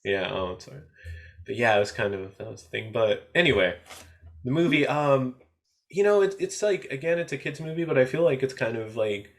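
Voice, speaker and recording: A man's voice: medium pitch, lively intonation, brisk, vocal fry. A man hosting a podcast in casual chat, hesitant, with many "uh" and "you know" fillers. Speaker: podcast host.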